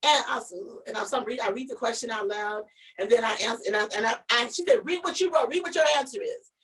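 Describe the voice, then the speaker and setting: A woman co-hosting a casual live-stream chat, telling a story in an animated way, with many restarts and repeated words. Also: fairly high pitch, fast, distant mic, low-quality recording. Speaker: show co-host.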